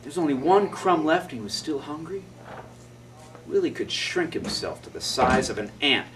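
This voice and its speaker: A man's voice: a little high, big pitch swings, moderate pace. A male storyteller performing a children's tale dramatically, with gasps and sound effects. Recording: distant mic with faint noise.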